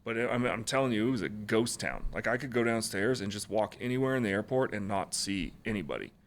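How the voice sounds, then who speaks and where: A man's voice: fairly low pitch, lively intonation, fast, slight background noise. A man, a former Marine, telling stories on a podcast in a casual, profane, blunt way and laughing along the way. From Alaska. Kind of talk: casual storytelling.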